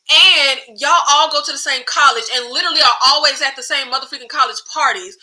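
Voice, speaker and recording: A woman giving a sassy, animated recap of a TV show, acting out the characters' lines as she goes. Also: high voice, poor audio. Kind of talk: casual TV recap commentary.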